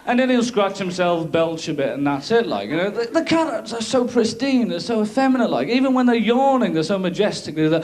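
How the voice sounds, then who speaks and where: A man's voice: sits high, sing-song, a little fast, hardly any pauses, a crowd in the background, noisy background. An Irish man in his thirties doing a live stand-up routine on a theatre stage, rambling and self-mocking. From Ireland. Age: 30s. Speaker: stand-up comedian. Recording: live theatre, audience laughter.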